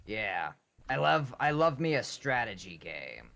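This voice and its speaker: A man with an ordinary mid-pitched voice chatting casually while gaming. He rambles from thought to thought, restarts his sentences, and drops in playful sarcasm. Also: sing-song, a little slow, creaky, sharp tone. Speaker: co-op gaming partner.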